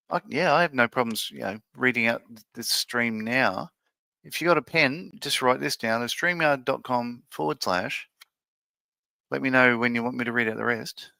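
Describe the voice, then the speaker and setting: Gravelly man musing on stream. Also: mid-range voice, sharp tone, no room sound. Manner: musing, hesitant, many fillers and restarts. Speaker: livestream host building a model ship. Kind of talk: casual live-stream chat.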